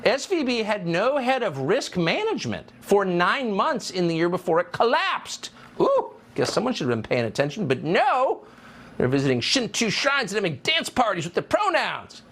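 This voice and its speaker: A man's voice: high voice, wildly swooping pitch, normal speed, few pauses, fairly bright tone. A man delivering a scripted commentary monologue in a mocking, sarcastic tone.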